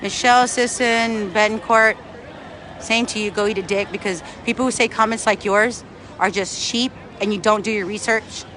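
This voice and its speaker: A man's voice: high-pitched, fairly even intonation, normal speed, bright, forceful tone. Angry New man on a street livestream, profane, light traffic noise. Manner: angry, profane, answers chat comments. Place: outdoors on a city street.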